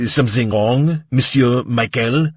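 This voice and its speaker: A man's voice: medium pitch, unhurried, husky, no room sound. A man voicing a stern male maitre d' with an exaggerated, overdone French accent and clipped, haughty commands.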